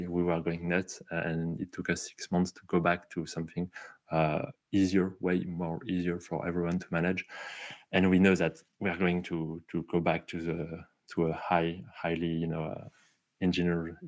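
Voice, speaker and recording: A man with a Parisian French accent talks through an interview in a low, level voice. He speaks English as a second language and fills his sentences with "uh" and restarts while he looks for words. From France. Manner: hesitant, many fillers and restarts. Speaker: guest. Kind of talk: casual interview.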